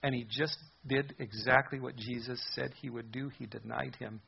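A man's voice: medium pitch, steady tone, moderate pace, vocal fry, husky, dull audio. A man preaching a sermon as a pastor, earnest and conversational in his delivery.

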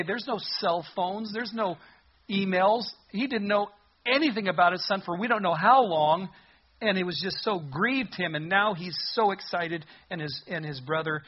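A man preaching a sermon as a pastor, animated, acting out the voices from the passage as he goes. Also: fairly high pitch, slightly rough, muffled recording.

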